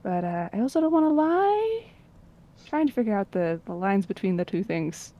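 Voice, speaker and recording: A woman's voice: medium pitch, big pitch swings, normal speed, dull audio. A woman player in a tabletop role-playing game, describing her character's actions in a casual, chatty way. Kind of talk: tabletop role-play narration.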